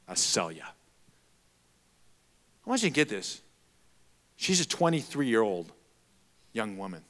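A man preaching a sermon, telling a story in an animated, emphatic way. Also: on the low side, measured pace, pauses often.

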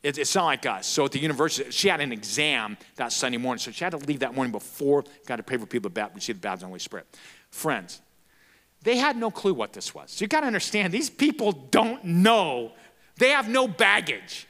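A man preaching a sermon, telling a story in an animated, emphatic way. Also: medium pitch, quick pace.

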